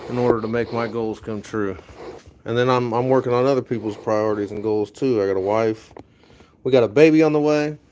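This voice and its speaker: A man's voice: medium pitch, darkish tone, slight background noise. A young American man live-streaming from his home garage, chatting casually with viewers and giving rambling, upbeat pep talks while he sorts tools. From USA. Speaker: livestreaming garage vlogger.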